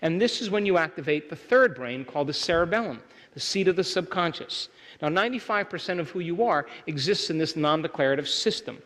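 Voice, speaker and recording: Speaking a little high, expressively and briskly, with a slightly bright tone, this middle-aged man lectures a live workshop audience. He is emphatic and keeps seeking their agreement, and his voice carries the reverb of a large live hall.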